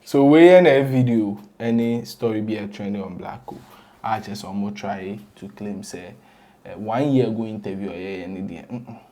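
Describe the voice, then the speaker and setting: A man with a Ghanaian accent hosting an entertainment news show, chatting casually and switching between English and Twi with animated asides. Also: fairly low pitch, normal speed. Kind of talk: casual gossip commentary mixing English and Twi.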